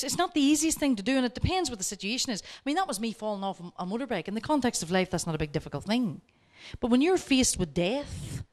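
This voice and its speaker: A woman speaking at a workshop, telling lively stories and coaching her audience directly. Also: a little high. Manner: lively anecdotes, acting out both sides of the dialogue. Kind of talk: storytelling lecture.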